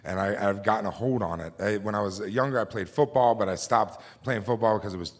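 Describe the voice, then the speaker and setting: A man's voice: lowish voice, fast talker. A married man telling a true personal story on a theater stage, talking in a loose, conversational way with fillers and restarts. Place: theater stage before a live audience.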